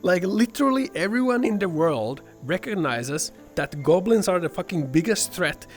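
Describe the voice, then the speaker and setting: A man's voice: high-pitched, animated, normal speed, faint music behind. A man streaming, ranting casually with lots of swearing and filler words. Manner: rambling, profane, fillers "like" and "man". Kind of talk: casual chat.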